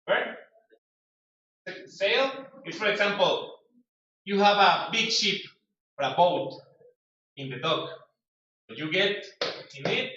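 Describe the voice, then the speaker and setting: Slow-paced and pausing often, a man with a high, animated voice reads vocabulary lists to a class and explains English words through acted-out examples, his tone pushed and bright. Slight background noise mixes with the distant classroom echo of a dull, lo-fi recording.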